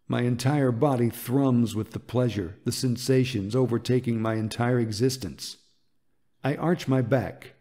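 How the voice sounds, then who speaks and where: The narrator of this romance audiobook is a man with a fairly low, dark and mellow voice. His delivery is gentle, intimate and slow-paced.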